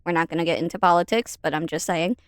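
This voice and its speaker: Talking fast in a fairly low, clear and resonant voice, this woman is recorded in studio quality with no echo through a desk microphone. She's a commentary YouTuber reacting casually at home, chatty and sarcastic, occasionally breaking off to address her cat.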